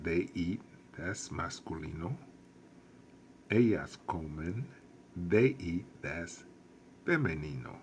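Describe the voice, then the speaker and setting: Low gravelly guy teaching a lesson, slow and patient, repeats stuff a lot. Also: slight background noise. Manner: slow, patient explaining with repetition. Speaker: Spanish teacher. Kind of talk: recorded classroom lesson.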